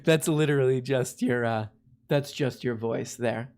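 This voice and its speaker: A man's voice: medium pitch, measured pace, a little mellow, clean tone. A man hosting a casual live stream, rambling and laughing at himself as he reads requests. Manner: rambling, laughing, self-mocking. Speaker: streamer host.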